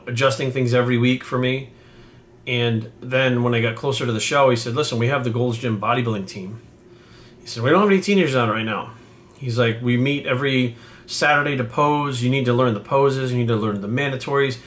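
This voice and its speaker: A man's voice: mid-range voice, steady tone, brisk, fairly bright tone. Profane rambling man in his forties. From New England. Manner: profane, rambling, many fillers. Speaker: fitness coach. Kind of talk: casual storytelling to camera.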